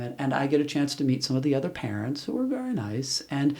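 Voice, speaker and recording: A middle-aged man with a gravelly, creaky voice at a medium pitch. He speaks as an interview guest in a casual, rambling style, full of fillers and restarts. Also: sing-song, fast talker, few pauses, a little mellow. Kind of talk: casual conversational storytelling.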